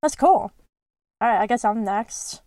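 A woman's voice: on the high side, dark tone, dry recording. Giggly young woman podcast host. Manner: bubbly, giggly, fast recap. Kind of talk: casual chat retelling a book.

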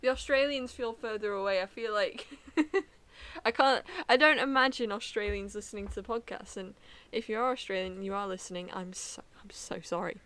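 A young woman co-hosting a podcast, chatting casually in an excitable, laughing way. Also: fairly high pitch, a little fast. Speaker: podcast co-host. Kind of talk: casual chat.

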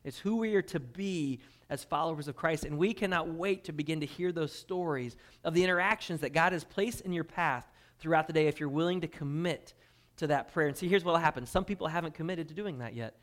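A man preaching a sermon as pastor, swinging between hushed intensity and loud emphasis while reading scripture. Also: a little high, a little fast. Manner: dynamic preaching, drops to quiet intensity then swells loud.

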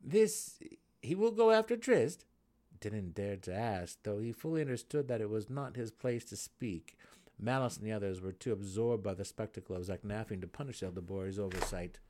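Low-voiced man narrating fantasy. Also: mellow. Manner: dramatic, measured. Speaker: audiobook narrator. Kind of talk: dramatic fantasy audiobook reading.

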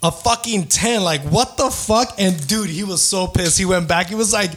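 A man's voice: high-pitched, moderate pace, a bit bright, faint music behind. A young man hosting a podcast, telling rambling, profane stories in casual slang, often laughing as he goes. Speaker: podcast host. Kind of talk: casual storytelling chat.

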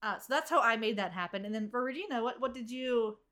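A woman's voice: fairly high pitch, expressive, quick pace, fairly bright tone. Chatty woman telling a story. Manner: chatty storytelling, hedging with fillers. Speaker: podcast co-host. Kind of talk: casual chat.

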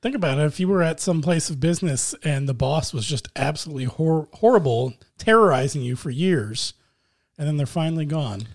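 A man with a somewhat high voice chats about wrestling in a calm, measured way. He reasons through his points patiently and agrees easily with his co-host. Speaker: podcast co-host. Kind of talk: casual wrestling chat.

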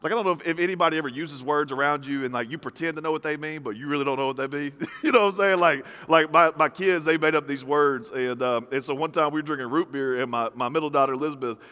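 Male pastor, thirties, preaching to a congregation, slightly high voice, long hall reverb. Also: quick pace, hardly any pauses, sharp tone, smooth. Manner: conversational preaching with punchy repeated phrases. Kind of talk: sermon.

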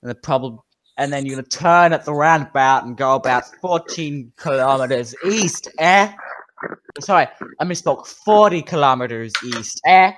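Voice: medium pitch, moderate pace, a bit bright, a little hiss or hum, lightly acted. A game master putting on a Canadian tavern keeper. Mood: folksy. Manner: ends every sentence with a questioning "eh". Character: gruff male tavern keeper with a Canadian accent. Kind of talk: game master voicing a character.

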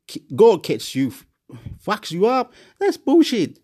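A man from Chile, rambling in a monologue, swinging between loud excited boasting and quiet muttering and repeating words over and over. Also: high-pitched, unhurried.

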